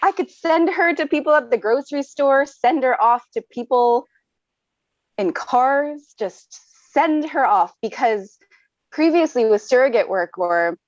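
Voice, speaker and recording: A woman's voice: high-pitched, lively intonation, a little slow, no echo, dull audio. A woman, a mother of three, telling a personal story on a webinar, earnest and often saying "like.". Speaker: webinar guest. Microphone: video call.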